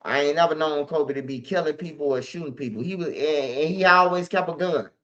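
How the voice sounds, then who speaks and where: Bright-voiced man telling street stories. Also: fairly high pitch, fairly quick. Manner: streetwise slang, repeats "bro" often. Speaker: host. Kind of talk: casual storytelling monologue. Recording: slightly dull lo-fi audio.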